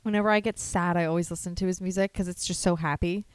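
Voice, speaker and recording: A woman's voice: on the low side, steady tone, fast talker, clean tone, no room sound. Giggly, teasing young American woman. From United States. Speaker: podcast co-host. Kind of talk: casual chat.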